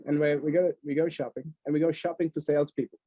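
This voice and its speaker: A talkative man in a podcast interview tells his stories with lots of laughter and quick acted-out exchanges. His voice sits a bit high for a man yet has a dark, mellow colour. The recording is dry and somewhat dull, like lo-fi audio. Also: breathy edge, no echo. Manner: animated storyteller who laughs often and acts out quotes. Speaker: entrepreneur guest. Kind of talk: casual podcast interview storytelling.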